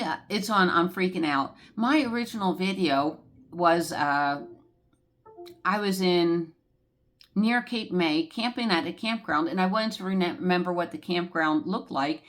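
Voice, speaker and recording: A woman's voice: lowish voice, unhurried, fairly bright tone. An older woman vlogger chatting casually as she reads out viewer comments, rambling with many fillers. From United States. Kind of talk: casual chat.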